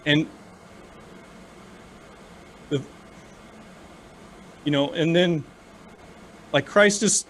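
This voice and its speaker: Man, earnest, halting, faint background hiss, casual chat. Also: fairly high pitch, fairly bright tone. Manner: earnest, halting with many restarts. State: choked up with emotion. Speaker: podcast co-host. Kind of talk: casual theological discussion.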